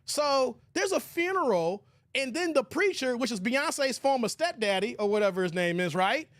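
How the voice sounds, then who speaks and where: A man hosting a live stream in a casual commentary style, reading out viewer chat and reacting loudly. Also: very high-pitched, normal speed, no echo, studio quality. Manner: animated, exclamatory, reads viewer chat aloud.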